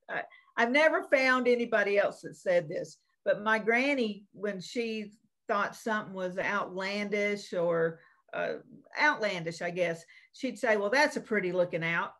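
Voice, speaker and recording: A woman's voice: medium pitch, a little slow, a bit bright. A woman, co-hosting a casual chat and telling folksy stories with lots of fillers. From Virginia / North Carolina. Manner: folksy storytelling with many fillers. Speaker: co-host.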